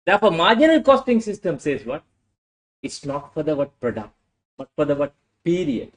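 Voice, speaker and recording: A man's voice: on the high side, expressive, normal speed, darkish tone, rough recording. A male lecturer teaching a class, often asking "what?" and answering himself. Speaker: accounting lecturer.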